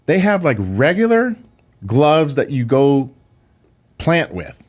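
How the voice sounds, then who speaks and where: A man's voice: a little high, slow. A man who is a guest on a podcast, telling a story in a casual, indignant way and using a lot of filler words like "like" and "dude". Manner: animated, indignant retelling with many "like"s and "dude"s. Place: podcast studio.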